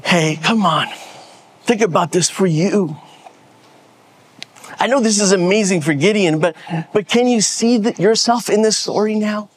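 A man's voice: high-pitched, a little slow, long pauses, a little hiss or hum. A pastor preaching a sermon from the stage, often repeating words as he builds to a point and rallying his listeners. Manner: repeats words when stressing a point, rallies the audience.

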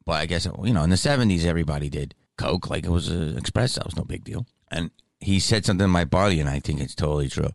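A middle-aged man hosting a podcast, telling rambling, animated stories in casual chat. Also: low-pitched, fast, vocal fry, few pauses, no room sound, clean studio sound. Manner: rambling, animated, lots of fillers. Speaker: podcast host.

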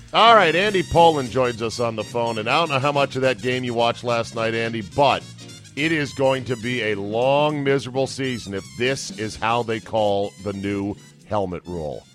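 A man's voice: medium pitch, animated, normal speed, a bit bright, soft background music. Wisecracking, profane sports podcast host man. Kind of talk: casual sports talk.

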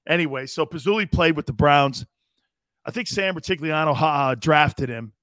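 A man's voice: on the high side, lively intonation, normal speed, dry recording, clean studio sound. Rowdy, rambling sports talk host, a man. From Connecticut. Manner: loud, rambling, laughs often, does voices for stories. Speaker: radio show host.

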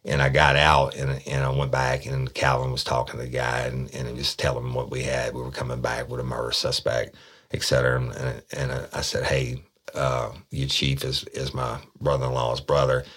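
Very deep-voiced man telling a story. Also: monotone, a little fast, a bit bright. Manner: profane, blunt, repeats words. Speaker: police detective. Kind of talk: casual storytelling.

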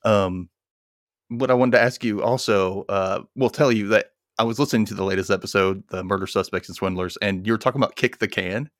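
A man's voice: on the low side, fairly even intonation, a little fast, no room sound, clean studio sound. A young adult man telling a story in casual chat, acting out the quoted voices and laughing as he goes. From Memphis area.

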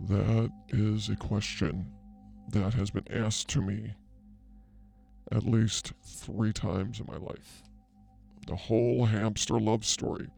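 A man's voice: mid-range voice, expressive, normal speed, gravelly, long pauses, darkish tone, faint music behind. A man playing a brash, flirty fake psychic healer in a comedy sketch, rambling through crude banter. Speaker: comedy show host.

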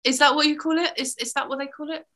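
Chatty woman from the south of england, kinda high and really bright, rambles on and laughs a lot. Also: fairly even intonation, fast talker. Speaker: guest musician. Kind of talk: casual chat.

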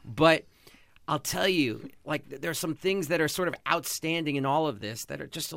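A man's voice: a little high, normal speed, gravelly, a bit bright, no echo. A man hosting a podcast, giving passionate, sarcastic sports commentary. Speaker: podcast host.

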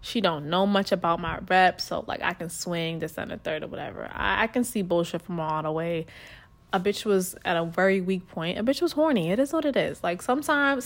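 A young woman from New York with a New York accent, telling a frank, crude personal story in a casual monologue to her listeners. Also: on the high side. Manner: blunt, crude and profane, talking straight to listeners.

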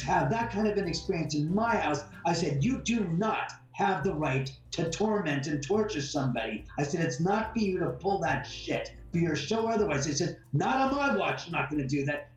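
A man being interviewed, bluntly telling a heated story and acting out the exchanges in it. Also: fairly high pitch. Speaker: guest homeowner. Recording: roomy, distant mic, faint music behind.

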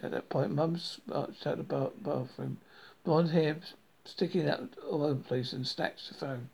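Man, reading aloud, comic diary, gravelly, a bit high, frequent restarts. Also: steady tone, a little slow, dull audio. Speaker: reader.

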